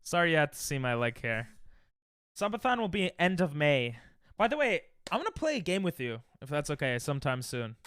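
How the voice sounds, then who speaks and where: Young male streamer, bright clear voice, animated and rambling, dry close sound. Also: brisk, dry recording. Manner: rambling, laughs often, sudden high yelps. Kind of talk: casual chat with live chat.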